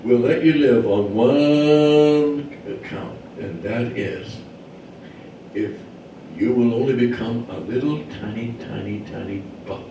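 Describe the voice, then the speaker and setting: A man voicing villagers and hunters from a told legend, who holler out their invitations in raised, high calls. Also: measured pace, gravelly, mellow, a little hiss or hum. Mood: stern. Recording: very echoey church hall, mic far off.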